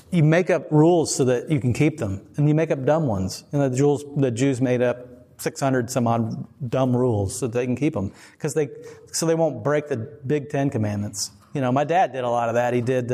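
Rambling pastor with hall echo. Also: male voice, medium pitch, mellow. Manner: rambling, digressive, chuckling asides. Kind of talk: casual conversational sermon. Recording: long reverb of a hall.

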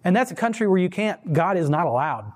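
A man's voice: high voice, a little fast. A man hosting a casual chat, telling stories in an emphatic, rambling way. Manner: emphatic, rambling, animated storyteller.

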